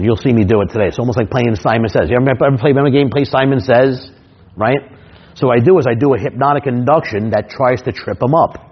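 A New York man with a mid-range, slightly rough voice, heard through dull audio, teaches fellow performers as a stage hypnotist. His instruction is punchy; he acts out scenes and keeps checking in with "right?"

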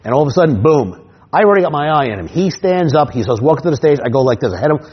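A stage hypnotist with a New York accent teaches fellow performers, punchy and constantly checking in with "right?" while acting out scenes. His voice is high-ish and sing-song, racing along with a breathy edge, and the sound is lo-fi.

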